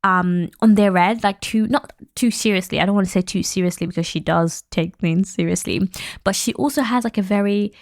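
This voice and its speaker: A woman's voice: mid-range voice, a little fast, no room sound, studio quality. A young woman hosting a podcast, giving frank, opinionated commentary in a chatty way, laughing often and using lots of fillers. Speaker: podcast host.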